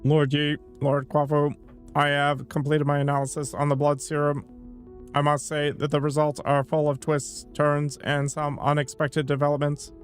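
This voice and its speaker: A man's voice: a little high, monotone, moderate pace, faint music behind, natural voice. A man voicing a formal, dutiful male servant scientist who speaks deferentially.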